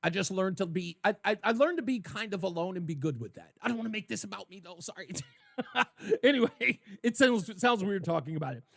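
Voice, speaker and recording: A man hosting a call-in talk radio show, lively and laughing at his own jokes. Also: high voice, a little fast, gravelly. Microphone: studio microphone.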